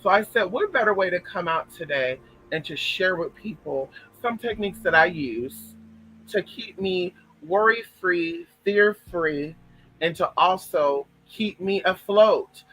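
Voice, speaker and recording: Bright high-voiced man talking spirituality. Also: expressive, unhurried, faint music behind, low-quality recording. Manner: emphatic, repetitive, talks straight to viewers with frequent "right?" and "y'all". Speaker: spiritual vlogger. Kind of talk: casual spiritual talk to camera.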